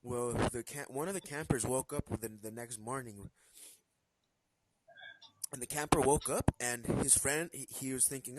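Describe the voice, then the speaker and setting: A man hosting a live stream, telling a story in a casual, animated way and acting out the characters' lines. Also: mid-range voice, normal speed, no echo, rough recording.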